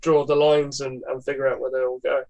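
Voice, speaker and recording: A man's voice: mid-range voice, level tone, a little fast, darkish tone. A young man, a guest on a podcast, chatting eagerly and laughing often. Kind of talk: casual conversational interview.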